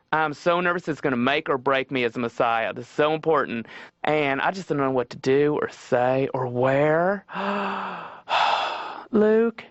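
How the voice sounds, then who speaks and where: A man's voice: a bit bright, dry recording. A fussy, fretting Southern holy man. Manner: fussy, fretting, high and flouncing. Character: effeminate nervous Southern man, fussy and gossipy. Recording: muffled lo-fi TV audio.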